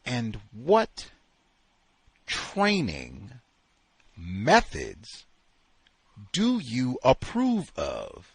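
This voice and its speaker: A man's voice: medium pitch, wildly swooping pitch, drawn-out words, pauses often, slightly rough, dry recording, heavily acted. A man voicing a strained, outraged male animal trainer, read aloud from a novel. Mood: bitter.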